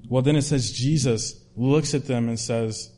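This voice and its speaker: A man's voice: mid-range voice, measured pace, warm tone. A man preaching a sermon in a conversational way, retelling a story with restarts and fillers.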